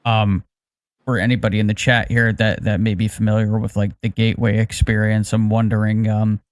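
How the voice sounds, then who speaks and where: A man's voice: lowish voice, flat delivery, fairly quick, no echo. A male co-host in casual livestream chat who thinks aloud over a video call, with lots of fillers.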